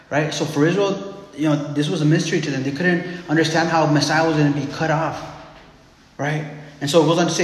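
A man's voice: a little high, fairly even intonation, fast. A man preaching a sermon in a loose, conversational way, often calling listeners "man" and restarting his phrases. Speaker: pastor. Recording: echoey hall.

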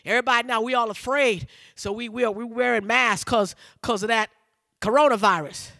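A middle-aged man preaching a sermon in church, shouting and urging the congregation to repeat after him, repeating words in a fervent cadence. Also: very high voice, steady tone, fairly quick, vocal fry. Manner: shouting, urging call-and-response.

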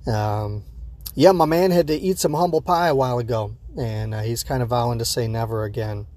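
A man's voice: mid-range voice, a little fast, darkish tone. A man talking casually and unscripted as a podcast host reacting to an episode, rambling with many fillers and restarts, a bit sleepy early in the day.

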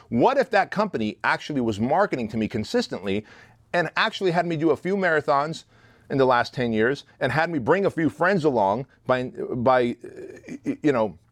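A man speaks in a blunt, animated, profane storytelling voice with a mid-range pitch. The sound is close and dry, with no room around it. He talks as a guest on an interview show. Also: fairly quick, no room sound. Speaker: guest, leadership instructor.

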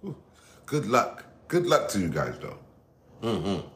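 Taking it slowly, a middle-aged man with a lowish, sing-song and slightly bright voice hosts his own podcast alone. His casual talk rambles and swears, with restarted sentences and wandering asides.

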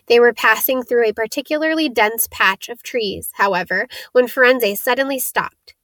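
A woman narrates a storybook with a steady, expressive reading voice. Her pitch sits fairly high for a woman, and the recording is close and dry with no room sound. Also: normal speed, dry recording, rough recording. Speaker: audiobook narrator.

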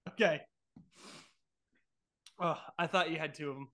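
A man's voice: on the high side, steady tone, unhurried, a bit bright. Giggly man co-hosting a podcast. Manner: laughs often, giggly and teasing. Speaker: podcast co-host asking trivia. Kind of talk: casual chat.

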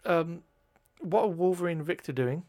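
A man's voice: a little high, normal speed, a little mellow. A man co-hosting a casual podcast, recapping a film plot in a wry, chatty way with plenty of ums.

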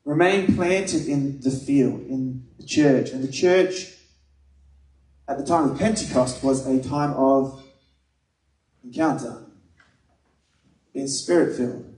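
A man's voice: medium pitch, takes it slowly, long pauses, a little mellow. A man preaching a sermon, earnest and conversational, mixing scripture with personal stories. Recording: echoey room, mic at a distance.

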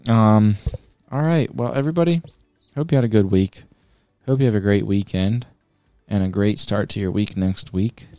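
A man's voice: lowish voice, moderate pace, mellow, no room sound, soft background music. A man co-hosting a podcast in casual, rambling, playful chat, sounding tired. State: tired, yawning. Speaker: podcast co-host.

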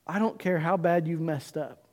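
A man's voice: fairly high pitch, normal speed. A male pastor preaching a sermon, telling a story dramatically and acting out the characters' voices. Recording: long hall reverb.

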